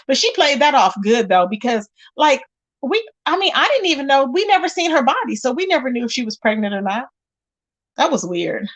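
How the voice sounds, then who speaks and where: High-pitched woman host, lively chatty stream talk, greets viewers warmly by name. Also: brisk. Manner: animated, chatty, calls viewers "child" and "baby". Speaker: livestream host reading chat. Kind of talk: casual chat.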